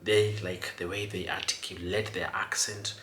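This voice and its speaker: A man talks through his point in a loose, rambling way, repeating words and asking whether you follow. His voice is lowish and bright. The room is echoey, with a faint hiss underneath. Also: flat delivery, moderate pace. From Kenya. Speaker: host. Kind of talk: casual commentary.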